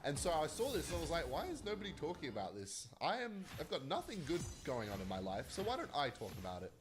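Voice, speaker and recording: A man's voice: fairly high pitch, quick pace, noisy background. Chatty man riffing on online drama. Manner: animated, chatty, laughs often. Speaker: commentary vlogger. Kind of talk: casual online drama commentary.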